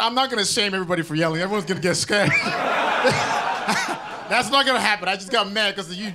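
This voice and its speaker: A man from Nigeria doing improvised stand-up on a club stage, riffing on crowd shouts with mock anger. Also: high-pitched, noisy background. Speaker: stand-up comedian. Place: comedy club stage with live audience. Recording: crowd laughter loud behind.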